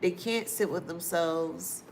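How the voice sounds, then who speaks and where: A woman with a slightly mellow voice on the low side gives a casual spiritual reading to her viewers, with slight background noise behind her. This astrology or tarot reader keeps things chatty and informal, repeats phrases for emphasis, and fills it with long asides and frequent laughs.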